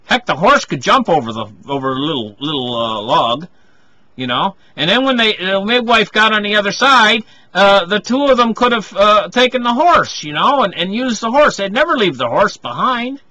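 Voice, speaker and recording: A man's voice: sits high, sing-song, normal speed, bright, forceful tone, poor audio. A man giving a rambling monologue, circling back with restarts and frequent asides. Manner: rambling, full of restarts and "you know".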